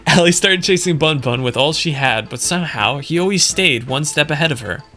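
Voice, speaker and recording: A giggly young man reading a visual novel aloud for his channel, mocking his own stumbles. His voice is bright and forward, pitched a bit high for a man. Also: animated, fairly quick. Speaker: gaming video creator. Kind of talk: let's play narration.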